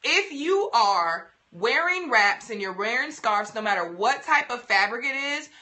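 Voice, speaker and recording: Sassy bright-voiced woman streamer. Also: medium pitch. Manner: sassy, playful, emphatic repetitions. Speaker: beauty livestream host. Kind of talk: casual livestream tips talk.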